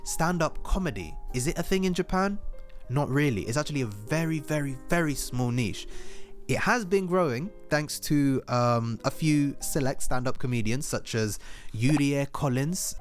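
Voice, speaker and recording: A man's voice: medium pitch, expressive, normal speed, soft background music. A man hosting a casual vlog in a joking, chatty way. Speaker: host.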